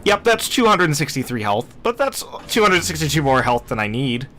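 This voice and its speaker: Bright-voiced man narrating a game replay. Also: on the high side, very animated, brisk. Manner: chatty, self-deprecating, acts out his own past thoughts. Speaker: gameplay commentator. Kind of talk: casual game replay commentary.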